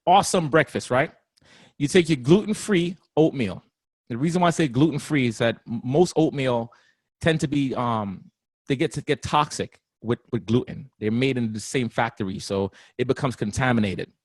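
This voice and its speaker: A man talking casually as a guest trainer, animated and often laughing, acting out other people's voices. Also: mid-range voice, moderate pace, breathy edge, dry recording. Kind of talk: casual interview talk.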